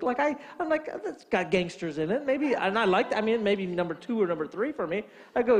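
A man's voice: sits high, lively intonation, brisk, hardly any pauses. A man preaching a sermon, telling a funny story and acting out both sides of a phone call. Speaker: pastor.

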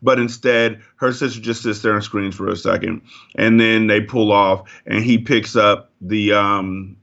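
A man's voice: lowish voice, fairly even intonation, measured pace, gravelly, fairly bright tone, lo-fi sound. A man in a casual movie review chat, talking in a heated, profane rant.

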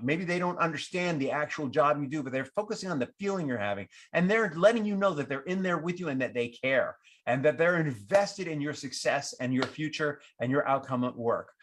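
Animated man giving relationship advice. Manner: animated, acts out quoted partners with lifted pitch. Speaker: relationship advisor. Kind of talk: advice talk to camera.

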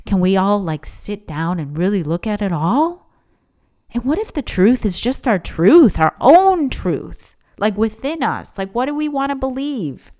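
Animated woman with a lively voice. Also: medium pitch, a little slow. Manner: emphatic, animated, acts out quoted voices. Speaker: podcast host. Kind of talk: casual solo podcast monologue.

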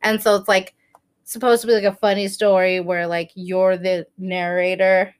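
A young woman co-hosting a casual podcast, telling animated stories and laughing often. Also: mid-range voice, normal speed, clear, resonant tone. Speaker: podcast co-host. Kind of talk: casual chat.

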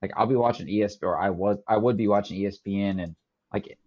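Man, podcast co-host, easygoing, hesitant, lowish voice, dull lo-fi remote mic. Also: quick pace. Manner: easygoing, hesitant, lots of ums and restarts. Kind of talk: casual chat.

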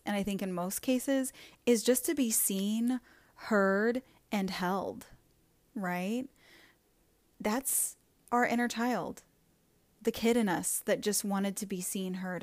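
A woman's voice: medium pitch, dry recording. A woman hosting a solo podcast, speaking in an earnest, reflective way and often stacking words into short lists. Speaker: podcast host.

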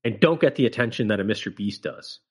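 A man's voice: fairly low pitch, animated, quick pace, slightly rough. A man co-hosting a podcast, ranting with emphatic, profane opinions and frequent filler words. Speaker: podcast co-host. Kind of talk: casual podcast chat.

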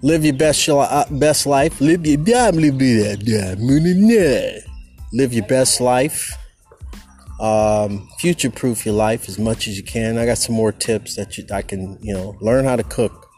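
A man's voice: mid-range voice, unhurried, faint music behind. A man hosting a podcast, recording a casual, preachy monologue outdoors on a campus. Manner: preachy, animated, talks to listeners as people. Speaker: podcast host. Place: outdoors on a campus among trees and birds.

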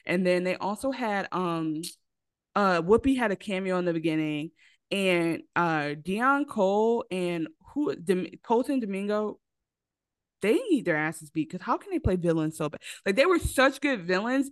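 A woman's voice: mid-range voice, moderate pace, no room sound. A woman co-hosting a podcast in casual chat, telling movie plots with lots of acted quotes. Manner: animated storytelling with acted quotes. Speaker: podcast co-host.

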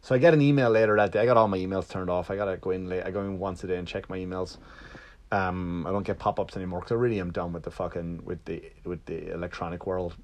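A man's voice: sits low, steady tone, quick pace, darkish tone. A man telling a long story in a casual, rambling monologue. He swears freely, restarts often and acts out the other side's lines. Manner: rambling and profane, with many restarts.

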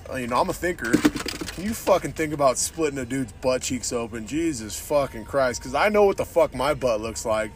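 Male podcast host, mid-pitched, casual rant, heavy swearing, opinionated and blunt. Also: a little hiss or hum. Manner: profane, says "dude" constantly.

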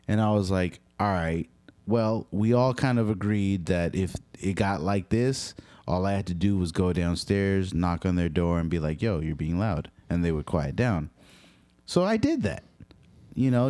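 Young adult man, low voice, profane and animated storyteller, dry close sound. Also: dry recording. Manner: profane, animated, quotes people in dialogue. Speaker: storyteller recounting a dispute. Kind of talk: casual storytelling.

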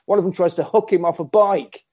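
A man excitedly recapping a horror film in casual chat, acting out the characters' lines. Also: high-pitched, a little fast, husky. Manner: animated storyteller, acts out characters' lines. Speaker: podcast co-host recapping a film. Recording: slightly dull lo-fi recording.

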